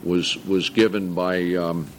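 A man's voice: sits low, flat delivery, slight background noise. Earnest older man preaching a sermon. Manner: earnest, reads scripture slowly with emphasis, corrects himself. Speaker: pastor.

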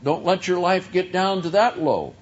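A man preaching a sermon, teaching from scripture in a slow, deliberate way with drawn-out emphasis. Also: high-pitched, big pitch swings, dull audio.

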